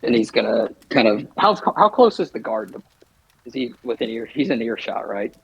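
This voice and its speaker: A man playing a tabletop game, calmly describing what his character does. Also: mid-range voice, normal speed, creaky, husky, muffled recording. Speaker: player.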